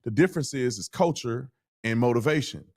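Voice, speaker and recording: A man's voice: mid-range voice, animated, a little fast, a little mellow. A man hosting a show, giving casual commentary in a mocking, scornful way. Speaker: host.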